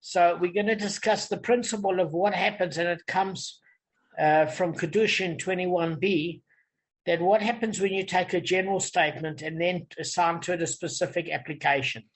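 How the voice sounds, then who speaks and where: Someone leading a casual study session explains things step by step, using lots of fillers. The voice is medium-pitched and moderately paced, and the audio is poor.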